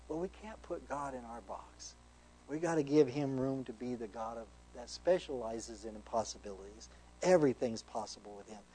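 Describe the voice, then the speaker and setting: A man's voice: medium pitch, darkish tone, rough recording. A man, a pastor, teaching a sermon verse by verse, conversational and earnest, reading scripture aloud with emphasis.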